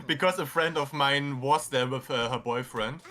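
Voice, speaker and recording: A man's voice: mid-range voice, fairly even intonation, slow pace, sharp tone. A man from Germany in casual chat, rambling with lots of fillers and swearing freely.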